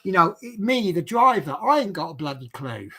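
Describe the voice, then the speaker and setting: A man's voice: high-pitched, very animated, normal speed, background noise. A man working as a bus driver, telling rambling work stories in a casual, chatty way and acting out the dialogue. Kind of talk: casual storytelling monologue.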